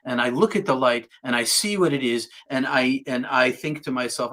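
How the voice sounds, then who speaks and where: A man's voice: medium pitch, moderate pace, hardly any pauses, fairly bright tone. A middle-aged man recounting a near-death experience in a vivid, repetitive way, restarting his sentences often. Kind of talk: personal storytelling.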